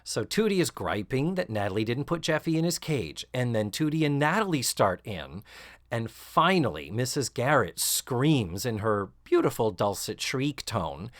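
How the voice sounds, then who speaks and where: Animated, sarcastic male podcast host. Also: mid-range voice, normal speed, dry recording, clean studio sound. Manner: animated, sarcastic, acts out quotes with rising shrieks. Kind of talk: casual episode recap.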